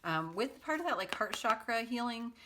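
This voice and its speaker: A woman's voice: on the high side, very animated, moderate pace, noisy background. A woman giving a casual tarot reading to her viewers, chatty and laughing easily, with a sarcastic sense of humor and lots of loose fillers. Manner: loose speech with many fillers. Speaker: tarot card reader.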